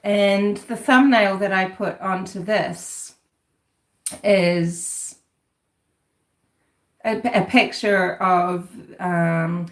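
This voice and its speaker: A woman's voice: medium pitch, fairly even intonation, very slow, pauses often. Rambling, sarcastic woman in an echoey room. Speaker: true-crime commentator. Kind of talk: casual livestream commentary. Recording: roomy echo.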